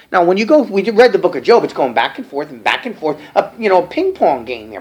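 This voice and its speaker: A middle-aged male preacher teaching a verse-by-verse Bible sermon, reading scripture aloud and then explaining it in plain, halting talk. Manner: repeats and restarts phrases with fillers; lively, swooping pitch.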